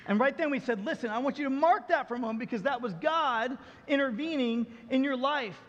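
A man, a pastor, preaching a sermon and telling a story, acting out the dialogue and dropping his voice low and soft for emphasis. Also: fairly quick, big-room sound, muffled recording, slight background noise.

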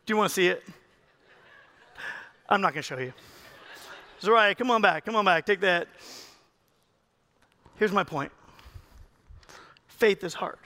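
A man's voice: high voice, animated, a little slow, pauses often, pushed and bright. A man preaching a sermon as pastor, talking in a conversational, joking way with his congregation and coaxing people up on stage. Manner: calls people up and coaxes them on stage.

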